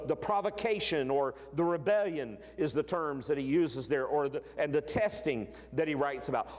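A man's voice: a little high, darkish tone. A man preaching a sermon as pastor, earnest, repeating key words for emphasis and often restarting his phrases. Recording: long hall reverb.

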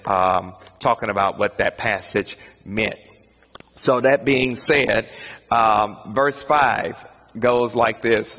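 A man leading an online Bible study, talking in a measured way with lots of fillers and repeated phrases. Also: lowish voice, fairly bright tone. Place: indoors, streamed to a virtual audience. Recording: long hall reverb.

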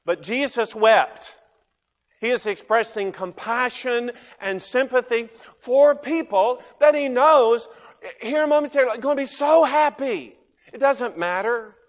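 A man preaching a sermon, animated, asking his listeners questions and swinging between loud bursts and quiet asides. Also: extremely high pitch, a little slow, long reverb tail. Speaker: pastor.

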